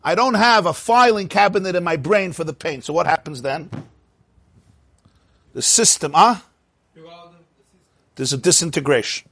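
Husky man teaching Chasidic texts. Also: a little high, moderate pace, pauses often, a bit bright, dry recording. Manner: reads Hebrew text in a sing-song chant, then explains animatedly. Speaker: Torah teacher. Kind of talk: Chasidic text class.

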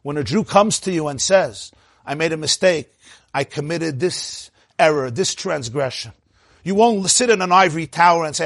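A man giving a sermon, telling stories in an expressive way and mixing in Yiddish and Hebrew phrases. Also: on the high side, moderate pace, gravelly, husky, dry recording, clean studio sound. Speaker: rabbi. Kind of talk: sermon with storytelling.

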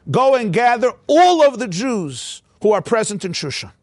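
Guy teaching a torah class, higher voice with lots of gravel, keeps asking questions then answering them. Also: big pitch swings, moderate pace, hardly any pauses, dry recording, clean studio sound. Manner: explains by posing rhetorical questions. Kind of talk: text-study lecture.

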